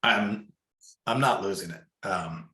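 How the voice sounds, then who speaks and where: A man softly telling a personal story in a reflective, casual way, with frequent fillers. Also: lowish voice, takes it slowly, reverberant. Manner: soft-spoken, reflective, lots of fillers.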